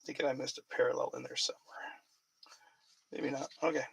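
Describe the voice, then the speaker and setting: A man with a deeply gravelly, husky voice hosts a live card break. He talks casually, reading off player names and chatting with viewers between pulls. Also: level tone, fairly quick, a bit bright, rough recording.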